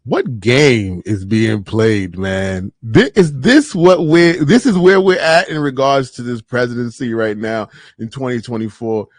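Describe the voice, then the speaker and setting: A man hosting a podcast, reacting to clips in casual, reflective commentary that often trails off quietly. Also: medium pitch, unhurried, hardly any pauses, dry recording.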